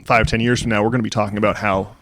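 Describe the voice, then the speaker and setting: A man around forty co-hosting a podcast. He rambles and restarts when chatting, then reads an essay aloud slowly and with emphasis. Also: on the low side, flat delivery, fairly bright tone. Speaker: podcast co-host. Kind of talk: casual podcast chat and essay reading aloud.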